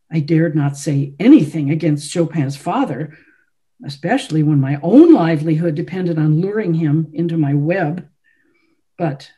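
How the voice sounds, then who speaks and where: A woman's voice: deep voice, mellow. A woman author reading her historical novel aloud in first-person narration.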